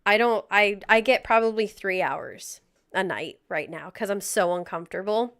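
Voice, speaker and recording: A woman's voice: medium pitch, moderate pace, fairly bright tone, clear, resonant tone. A young woman chatting casually with her livestream viewers, out of breath, laughing often and joking at her own expense. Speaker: music streamer.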